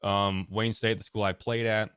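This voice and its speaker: Low-voiced young man, plainspoken. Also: moderate pace, smooth, no room sound, studio quality. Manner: relaxed, plainspoken, many fillers. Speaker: guest, bat maker. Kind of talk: casual interview answers.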